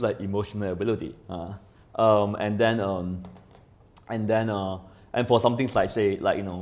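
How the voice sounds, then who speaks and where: A man talking as a podcast guest in casual chat. He rambles, swears often and keeps asking "right?", swinging between loud and quiet. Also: on the low side.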